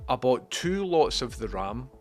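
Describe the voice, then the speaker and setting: A man's voice: mid-range voice, very animated, unhurried. A man, talking casually on his own livestream, sarcastic, swearing and wandering off on tangents. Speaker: livestream host. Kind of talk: rambling livestream chat.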